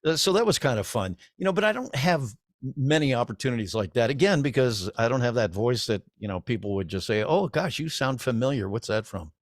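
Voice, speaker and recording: A man's voice: mid-range voice, lively intonation, brisk, few pauses, no echo, studio quality. A middle-aged man, a voice actor, telling stories as a guest on a video call, with many restarts and laughs. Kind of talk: casual convention interview.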